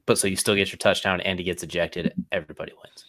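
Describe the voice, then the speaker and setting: A man guesting on a casual sports podcast, quick and joking. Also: deep voice, steady tone, a crowd in the background.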